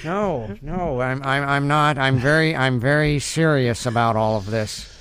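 A man doing a celebrity impression of a nervous, excitable young man who stammers in disbelief. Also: mid-range voice, heavy background noise, close to an everyday voice. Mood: flustered. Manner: stammering, halting. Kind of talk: celebrity impression in comic skit.

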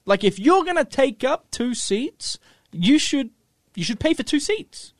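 A man's voice: very high voice, big pitch swings, a little slow, dry recording, studio quality. A man co-hosting a casual chat show, talking in a chatty, hesitant way and often second-guessing himself. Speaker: podcast co-host.

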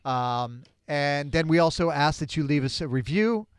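A man's voice: on the high side, moderate pace, clear, resonant tone, no echo. A man hosting a casual podcast chat, explaining things at length into a studio mic. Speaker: podcast host.

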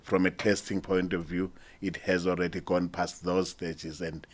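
A man with a low, even voice that holds level. He speaks as a sportswear brand representative, laying out design and technology points in practiced corporate phrasing. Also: moderate pace. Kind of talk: radio interview answer.

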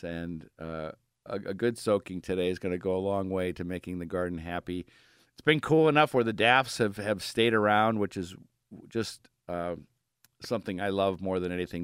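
Cheery guy on a radio garden show, lowish smooth voice, dry studio sound. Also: no room sound. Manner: upbeat, chatty, laughs easily. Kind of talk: casual radio talk. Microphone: studio microphone.

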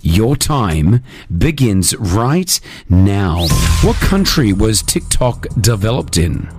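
A man hosting a breakfast radio show from a studio, joking with callers and running a quiz in a brisk, upbeat way. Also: on the low side, very animated, music in the background.

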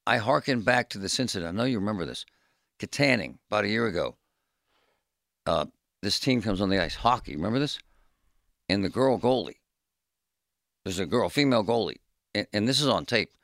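Deep, low-pitched man with a forceful, edgy tone, ranting through a story on a radio talk show. He talks in an animated, worked-up way. The studio mic sound is dry and close. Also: brisk, vocal fry, pauses often, no echo. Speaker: radio co-host. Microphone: studio microphone.

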